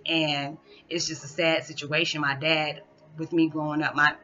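A woman's voice: low-pitched, little pitch movement, moderate pace, sharp tone, muffled recording. A woman vlogger telling a spiritual story in a chatty, rambling way, often restarting and laughing. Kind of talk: casual storytelling monologue.

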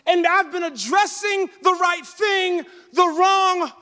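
High, bright-voiced preacher man in a reverberant hall. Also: slow. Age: 40s. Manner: shouting, call-and-response preaching. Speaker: pastor. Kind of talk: sermon. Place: church sanctuary.

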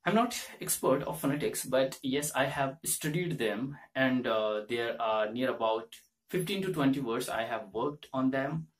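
A man's voice: medium pitch, expressive, measured pace, recorded from a distance, a little hiss or hum. Indian man drilling English sounds. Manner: repeats drill words many times over. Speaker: English pronunciation teacher. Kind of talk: casual spoken lesson.

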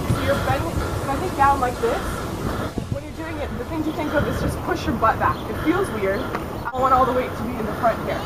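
A young woman leads a workout outdoors by the beach, her voice sitting high as she calls out moves with upbeat encouragement. Steady music plays clearly underneath her. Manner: upbeat and encouraging, giving step-by-step cues. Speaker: fitness instructor. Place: outdoors in a beach park with benches.

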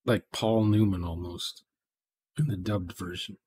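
A man's voice: deep voice, steady tone, measured pace, a little mellow, slightly rough. A man, casually chatting with viewers during a live programming stream, rambling and thinking aloud.

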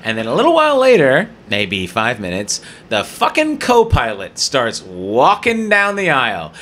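Podcast host, a man with a bright, lively voice, swears freely, acts out the people in his story. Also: mid-range voice, slight background noise. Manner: profane, animated storyteller doing quick voices. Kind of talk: casual storytelling chat.

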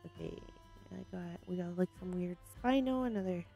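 A woman hosting a solo gaming video, chatting casually through her play with panicky, excitable outbursts. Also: fairly low pitch, normal speed, creaky, faint music behind. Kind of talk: casual gameplay commentary.

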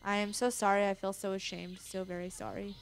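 A woman's voice: mid-range voice, little pitch movement, a little fast, soft background music, close to an everyday voice. A woman reading as a sorrowful haunted doll. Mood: remorseful. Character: haunted antique doll, remorseful childlike voice.

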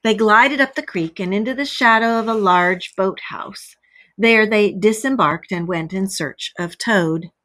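A woman's voice: mid-range voice, a little slow, fairly bright tone. A woman teacher reading a story aloud to children, stopping to explain words.

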